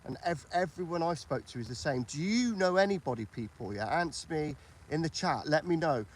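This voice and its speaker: A man's voice: on the high side, expressive, a little fast. A British man hosting a casual political chat on a livestream, repeating himself and asking for agreement. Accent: British English. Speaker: livestream host.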